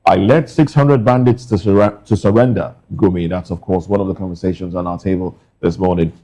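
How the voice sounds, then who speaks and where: A man's voice: sits low, fairly even intonation, brisk, warm tone, rough recording. A man co-hosting a morning newspaper review, reading headlines in clipped bursts with brief asides. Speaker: news show co-host.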